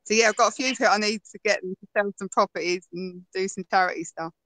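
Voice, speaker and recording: A woman tells stories in a relaxed chat, her voice bright and forward. She laughs easily and often. The sound is close and dry, with no room around it. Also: mid-range voice, quick pace, no echo, poor audio. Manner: chatty storyteller, laughs often. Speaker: guest. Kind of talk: casual conversation.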